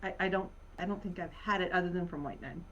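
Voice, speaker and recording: A woman with a Virginia accent, a guest in a casual talk, rambling with many pauses and fillers and laughing often. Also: on the low side, fairly bright tone, a little hiss or hum. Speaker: podcast guest. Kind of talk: casual conversation. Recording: muffled lo-fi audio.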